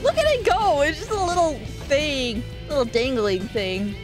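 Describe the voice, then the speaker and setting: A woman's voice: high-pitched, animated, moderate pace, over music. A woman streamer chatting with her viewers in a playful, teasing way, often breaking into laughs. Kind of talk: casual live-stream chat.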